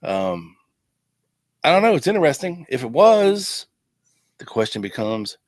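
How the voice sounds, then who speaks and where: A man's voice: on the low side, animated, normal speed, dry recording. A man hosting a podcast, reading old documents aloud in a casual way and breaking in with wry asides. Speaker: podcast host.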